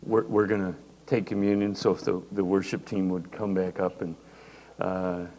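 A man's voice: sits low, level tone, normal speed, mellow. An older man preaching a sermon in a folksy, conversational way. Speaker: pastor. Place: church hall. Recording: reverberant hall, faint noise.

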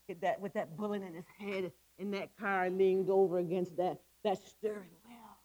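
A woman's voice: medium pitch, steady tone, moderate pace, darkish tone, rough recording. A middle-aged woman giving a testimony sermon to women, impassioned and repetitive, with stammered restarts. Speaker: women's ministry speaker.

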